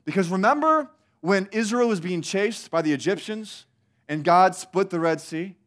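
A male preacher delivers a sermon in an animated, emphatic manner. His voice sits high for a man, and he keeps the room engaged with rhetorical questions. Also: normal speed.

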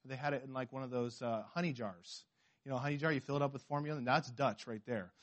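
A man from the western United States preaching a sermon in a lively, conversational way, acting out quotes and often restarting his sentences. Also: mid-range voice, quick pace. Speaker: pastor.

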